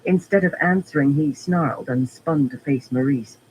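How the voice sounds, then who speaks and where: A man narrating a fantasy audiobook in a steady, even reading. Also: fairly high pitch, moderate pace, slight background noise, low-quality recording. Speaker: audiobook reader.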